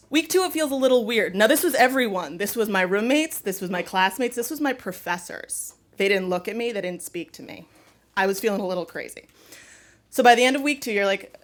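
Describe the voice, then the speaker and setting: A woman's voice: on the high side, fairly quick. Young woman telling a story live. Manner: candid, wry, lively delivery with laughter. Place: small live venue before an audience.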